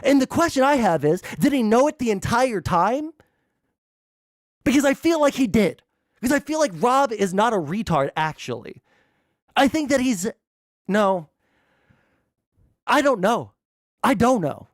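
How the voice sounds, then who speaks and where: A man's voice: very high voice, lively intonation, moderate pace, long pauses, no room sound, clean studio sound. A man streaming political commentary, ranting in a heated, profane way and laughing at himself between outbursts. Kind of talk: livestream commentary.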